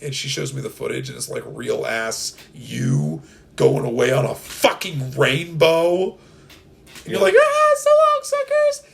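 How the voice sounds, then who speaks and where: Gravelly man spinning a silly tale. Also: medium pitch, a little slow. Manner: rambling, animated storytelling with many voices. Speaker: podcast co-host. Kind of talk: casual comedic chat.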